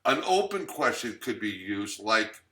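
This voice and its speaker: A man's voice: lowish voice, big pitch swings, measured pace, sharp tone. A man giving a recorded training lecture as instructor, teaching plainly with fillers and restarts.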